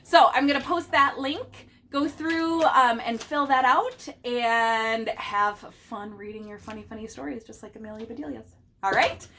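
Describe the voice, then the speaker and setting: A woman teacher giving an animated, encouraging read-aloud lesson to young children. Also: a little high, moderate pace, slight background noise.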